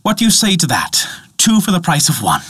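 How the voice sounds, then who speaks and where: A man's voice: a little high, wildly swooping pitch, fairly quick, fairly bright tone, breathy edge, no room sound, clean studio sound, pitched above the performer's own voice, full character voice. A man doing Loki, a cocky trickster god. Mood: boastful. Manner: boastful, cheerful.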